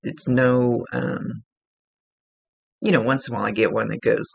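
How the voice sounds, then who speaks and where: Psychic medium, woman, gravelly and husky, halting delivery, dry close sound. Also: extremely low pitch, fairly even intonation, dry recording, poor audio. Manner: halting, searching for words. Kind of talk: giving a one-on-one reading.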